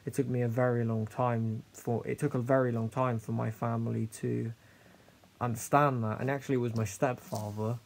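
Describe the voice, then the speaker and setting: A young man telling a personal story in a candid, halting way, with many fillers and some swearing. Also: medium pitch, little pitch movement, gravelly. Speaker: host sharing his story.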